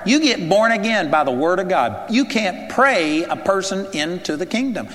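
High-voiced preacher man in a reverberant hall. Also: lively intonation, normal speed, a bit bright. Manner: earnest, conversational preaching with rhetorical questions. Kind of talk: sermon.

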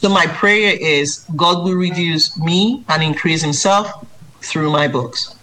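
Speaking slowly in a low voice, this children's author and maths tutor gives earnest, emphatic interview answers, livening up whenever she mimics reading aloud. There's slight background noise on a rough recording.

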